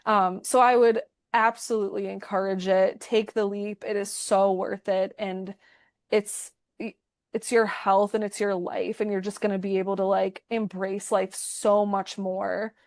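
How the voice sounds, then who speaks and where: A woman's voice: mid-range voice, level tone, unhurried, no room sound. Effusive young woman, dry close sound. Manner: effusive and heartfelt, with frequent restarts. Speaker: program participant giving a testimonial. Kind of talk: emotional conversational interview.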